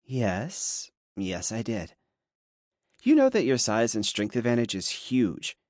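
A small, fierce woman fighter, as a male narrator puts her on, teasing in a soft and sultry tone. Her lines come quieter than the narration around them, with a hushed, low-key delivery. It sounds like a close, dry studio read from an audiobook. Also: wildly swooping pitch, takes it slowly, dry recording, exaggerated voice. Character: small fierce female martial-arts fighter.

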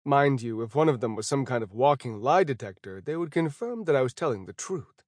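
A man narrating a first-person fantasy audiobook in a steady, even storytelling voice. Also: medium pitch, a little fast, dry recording, clean studio sound.

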